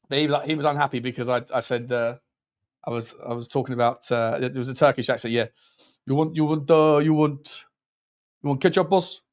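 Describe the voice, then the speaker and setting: Give me a chatty man hosting a livestream, voice pitched a bit high. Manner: rambling and jokey, lots of restarts. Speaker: football channel host. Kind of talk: casual livestream chat.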